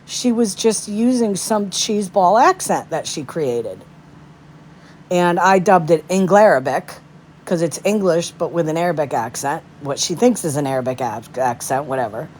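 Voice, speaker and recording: A woman's voice: fairly low pitch, animated, moderate pace, darkish tone, slight background noise. A woman ranting in casual commentary on a phone livestream, indignant and piling up rhetorical questions.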